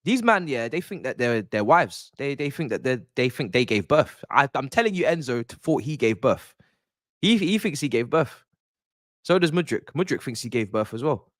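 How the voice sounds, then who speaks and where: A man, hosting a live-stream pre-match chat as a football fan, in animated, exasperated, joking banter. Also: medium pitch, moderate pace, no room sound, studio quality.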